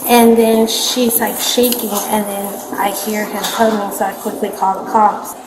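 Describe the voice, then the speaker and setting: A woman's voice: medium pitch, flat delivery, a little slow, very noisy. A woman working a front desk, telling police what happened in a rambling way and quoting people as she goes. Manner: rambling, quotes people in her retelling. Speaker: front desk worker, witness. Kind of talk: recounting events to police. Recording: echoey room, loud music bed.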